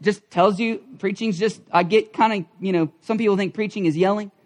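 Male preacher, very high voice, passionate and emphatic, moves from hushed asides to loud calls. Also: brisk. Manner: acts out short spoken prayers and quoted lines. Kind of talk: passionate sermon.

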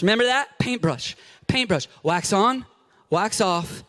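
A man preaching an animated, jokey sermon to a congregation, acting out scenes with a volunteer from the audience. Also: high voice, measured pace. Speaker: pastor. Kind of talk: lively sermon with audience interaction. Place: church sanctuary before a congregation.

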